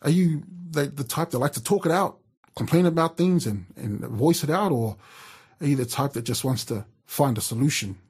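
A man's voice: mid-range voice, animated, normal speed, a little mellow, breathy edge. A man from New Zealand giving a casual devotional talk, chatty and storytelling, with frequent fillers and restarts. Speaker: radio presenter giving a devotional.

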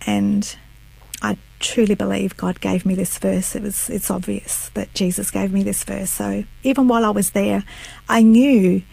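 A middle-aged woman sharing her faith testimony as a guest. She tells it earnestly, with a gravelly edge to her voice, recorded close and dry. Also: medium pitch, fairly even intonation, moderate pace, mellow, no room sound, poor audio. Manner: earnest storytelling, acts out quotes. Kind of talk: personal testimony.

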